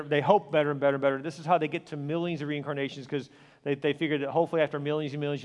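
A high-pitched male pastor delivers a sermon, leaning into his stories with earnest emphasis. His voice carries through a large church hall with a long, lingering reverb. He sounds like a preacher addressing his own congregation.

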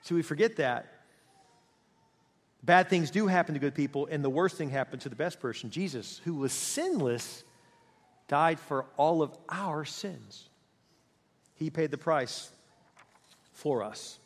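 A middle-aged male pastor preaching with passion, his fairly high voice leaping from loud, quick bursts to hushed, slow lines. The sound carries a long hall reverb around him. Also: expressive. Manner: passionate preaching with big swings in loudness and pace. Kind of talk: sermon.

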